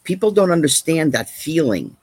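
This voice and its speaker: A man's voice: on the high side, sing-song, normal speed, darkish tone, a little hiss or hum. A man talking as a guest in a casual chat, emphatic and repetitive, firing off rhetorical questions.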